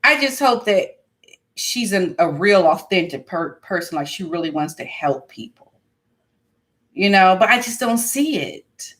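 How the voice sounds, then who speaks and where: A woman's voice: fairly low pitch, lively intonation, unhurried, a bit bright. Chatty American woman podcast host. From United States. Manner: chatty, thinking aloud with fillers and restarts. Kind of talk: casual chat.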